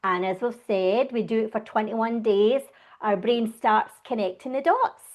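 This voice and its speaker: A Scottish woman speaks quickly and with plenty of enthusiasm, guesting in a relaxed interview. Her voice sits a little high, and her talk tumbles along in a lively rush. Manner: fast, enthusiastic talker. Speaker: guest, wellbeing coach. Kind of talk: conversational interview.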